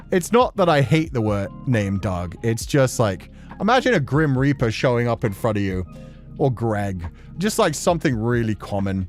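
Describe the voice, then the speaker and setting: A man streaming from his apartment, chatting casually and laughing often while he plays a game. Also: medium pitch. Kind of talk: casual live-stream commentary while reading a game aloud. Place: home apartment.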